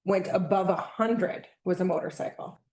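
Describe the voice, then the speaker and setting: A woman's voice: fairly low pitch, darkish tone. Earnest woman councillor in a roomy chamber. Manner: earnest, restarts, hurried questions. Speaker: council member. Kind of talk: council meeting discussion. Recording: roomy meeting-room sound.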